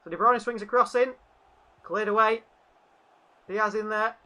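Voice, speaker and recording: A man's voice: sits high, fairly even intonation, measured pace, sharp tone. A man hosting a live fan commentary stream, calling the match and reading out viewer chat. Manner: chatty, reads out viewer chat between play calls. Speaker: fan channel host.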